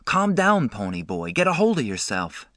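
A man's voice: mid-range voice, very animated, moderate pace, bright, forceful tone, dry recording, clean studio sound, voice pushed up. A man reading a nervous teenage boy on the run, speaking urgently in a storybook reading.

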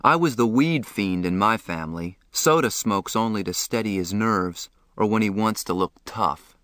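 A man narrating a novel in the first person, reading in a measured, plain way. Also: on the low side, fairly bright tone, no room sound. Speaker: audiobook narrator.

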